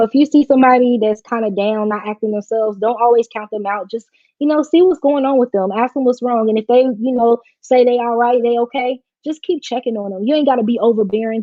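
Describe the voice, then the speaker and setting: A woman with a voice on the high side, no echo, hosts a casual stream. Heartfelt and teary, she speaks in slangy, informal terms, and the lo-fi stream audio sounds dry and a little dull.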